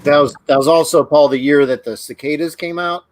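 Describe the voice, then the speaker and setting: A man from Detroit telling animated anecdotes in casual chat, laughing along. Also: on the high side, brisk, slight background noise. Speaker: co-host. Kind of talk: casual storytelling.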